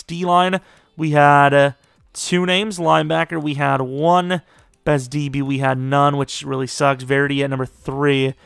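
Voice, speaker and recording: Chatty young man with a smooth voice. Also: on the high side, fairly bright tone, no room sound, studio quality. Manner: chatty, joking, quick reactions. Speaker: gaming commentator. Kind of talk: casual gameplay commentary.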